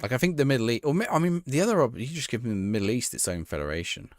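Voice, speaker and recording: A man's voice: mid-range voice, lively intonation, quick pace, no room sound, studio quality. A man streaming a football management game live, reacting to the action and chatting with his viewers.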